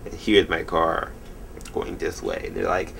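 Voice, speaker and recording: A man in his twenties rambling jokily through a late-night vlog at home, telling stories in an animated way. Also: low voice, unhurried, creaky, a little hiss or hum. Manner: rambling, jokey, animated storytelling. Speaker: vlogger.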